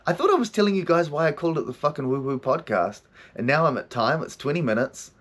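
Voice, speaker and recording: A man's voice: a little high, very animated, fast, a bit bright. A middle-aged man from New Zealand, a counselor hosting his own podcast, talking in a raw, emotional, heavily swearing way. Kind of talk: confessional solo podcast talk.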